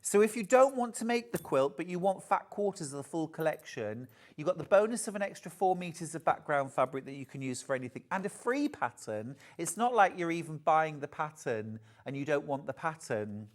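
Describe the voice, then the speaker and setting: Chatty guy hosting a shopping channel, super lively up-and-down voice, gushy and friendly. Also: a little high, a little fast, hardly any pauses. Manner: gushing, chatty, calls viewers darling. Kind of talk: live TV shopping sales pitch.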